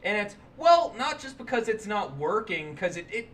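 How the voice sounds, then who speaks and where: A young man co-hosting a podcast in casual chat, joking and breaking into shouts and laughter. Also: high-pitched, big pitch swings, normal speed, far from the mic, a little hiss or hum. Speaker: podcast co-host.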